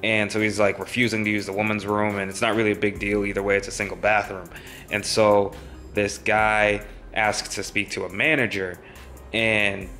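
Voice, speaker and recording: A man's voice: on the low side, bright, forceful tone. A young man vlogging, telling a story in a rambling, casual way with many fillers.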